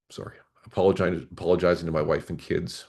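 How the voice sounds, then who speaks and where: A man's voice: sits low, creaky, darkish tone. A man in his forties, a former police officer, earnestly recounting an emotional personal story as a podcast guest.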